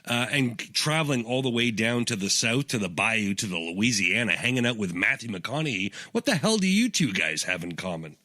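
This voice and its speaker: A man's voice: on the low side, expressive, moderate pace, hardly any pauses, bright, forceful tone, no room sound. A male radio host on a comedy show, teasing and pushing his guest. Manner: teasing, pushy interviewer.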